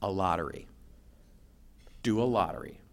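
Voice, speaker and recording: Male guest speaker, animated storyteller with a wide-ranging pitch. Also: normal speed, creaky. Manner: animated storyteller, acts out quotes. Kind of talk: lively after-lunch talk.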